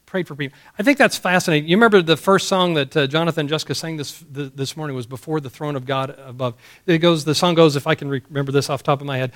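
A man's voice: a little high, quick pace, fairly bright tone. A man preaching a sermon in an emphatic way, repeating key phrases and asking the congregation rhetorical questions. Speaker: pastor. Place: church service.

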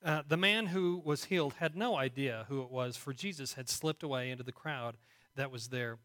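A man's voice: medium pitch, moderate pace, fairly bright tone. A man preaching a sermon to a congregation in a conversational way, often asking them questions. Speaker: pastor.

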